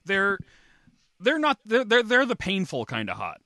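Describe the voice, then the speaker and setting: A man chats casually in a bright, fairly high voice that swoops up and down a lot. He talks in a loose, chatty way. The sound is dry and close. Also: huge pitch swings, a little slow, no room sound. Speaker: podcast co-host. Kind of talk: casual chat.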